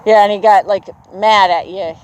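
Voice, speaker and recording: A horse trainer coaching a student through a riding lesson in an outdoor arena. The trainer keeps praising the horse and explains things in a relaxed, chatty way. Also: mid-range voice, normal speed, smooth, low-quality recording. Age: adult with children. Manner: encouraging, praises the horse often.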